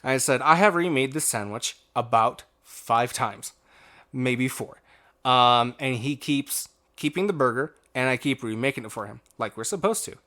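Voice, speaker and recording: A young man co-hosts a casual podcast, telling a long story about an old job and playing out everyone's lines. His voice is bright and forceful, and he sits at an ordinary middle pitch. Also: lively intonation, normal speed. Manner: rambling anecdote with acted-out quotes and laughter. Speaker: podcast co-host.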